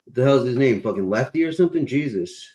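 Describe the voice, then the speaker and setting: A man's voice: mid-range voice, lively intonation, fast, warm tone. A man hosting a stream, rambling in casual chat, swearing constantly and filling gaps with uh and whatchamacallit. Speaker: stream host.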